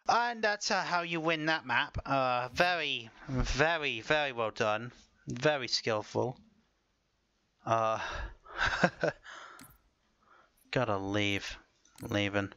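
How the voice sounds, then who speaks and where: A man's voice: mid-range voice, animated, takes it slowly, long pauses, pushed and bright, clean tone, no echo, dull audio. A man giving casual commentary over his own gameplay, joking and mock-dramatic, talking to himself as he plays. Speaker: gaming video host. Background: game music.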